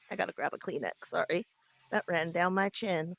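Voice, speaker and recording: Easygoing older woman with a lowish voice. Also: moderate pace, vocal fry, sharp tone. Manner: easygoing, chuckling. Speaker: guest. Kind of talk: casual live-stream chat.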